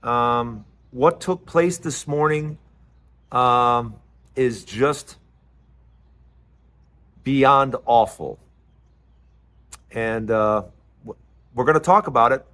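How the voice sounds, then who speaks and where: A man's voice: medium pitch, extremely slow, pauses often, fairly bright tone. A man hosting his own show in an angry, sarcastic political rant, sometimes mocking others in put-on voices. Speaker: host.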